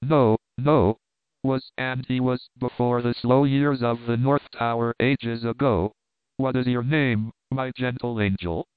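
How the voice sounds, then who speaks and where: A man reading the lines of a frail, dazed old male ex-prisoner, with a halting, bewildered delivery, heard over a tinny phone-like line. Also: mid-range voice, steady tone, smooth, no echo, lightly acted. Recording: dry tinny phone-like sound.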